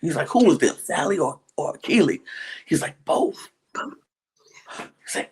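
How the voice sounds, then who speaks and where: Here a podcast co-host casually walks through a reality show episode, playing out what others said, occasionally whispering, with long, drawn-out colloquial outbursts. Pitch is medium, the delivery sing-song, and the tone slightly dark.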